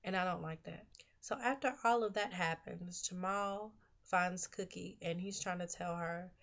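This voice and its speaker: A woman's voice: fairly low pitch, fairly even intonation, measured pace, vocal fry, a bit bright, lo-fi sound. A woman giving a casual, opinionated recap of a TV episode, talking chattily and saying "you know" often. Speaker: TV episode reviewer.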